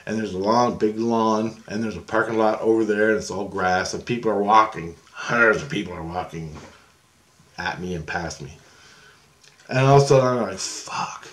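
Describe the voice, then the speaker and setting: A man's voice: fairly low pitch, normal speed. A middle-aged man vlogging, telling a long story in a loose, rambling way, swearing freely and laughing often.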